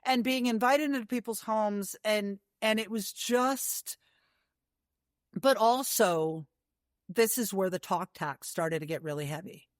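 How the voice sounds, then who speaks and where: Brief: a woman recounting her journey in an interview, chatty and animated, clean dry sound. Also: mid-range voice, a little slow, no room sound. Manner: animated storyteller with frequent asides. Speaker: guest, long-distance horse rider. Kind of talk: casual interview storytelling.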